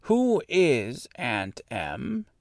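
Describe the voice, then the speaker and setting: Brief: gentle old witch lady, read by a man, calm and slow, voice sweeping up and down. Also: mid-range voice, creaky, no room sound, studio quality, pitched above the performer's own voice, exaggerated voice. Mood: explaining. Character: kindly little old good witch, calm and sure. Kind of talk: storybook reading.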